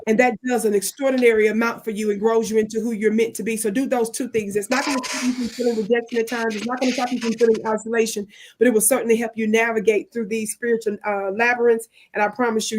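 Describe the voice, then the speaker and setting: A woman's voice: a little high, little pitch movement, quick pace. Earnest woman teaching spiritual lessons. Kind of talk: panel discussion.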